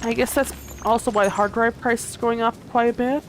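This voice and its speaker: A woman's voice: a little high, fairly even intonation, normal speed, faint music behind. A young woman livestreaming a game, chatting casually and a bit sleepily, rambling with lots of fillers and restarts. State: sleepy, yawning. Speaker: gaming streamer. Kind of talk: casual livestream chat while gaming.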